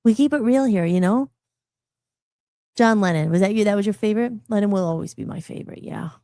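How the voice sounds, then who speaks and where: A middle-aged woman musician hosting a live radio talk show, rambling and animated, often restarting her sentences. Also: mid-range voice, fairly quick, dry recording, clean studio sound. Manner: animated, rambling, frequent restarts and self-interruptions.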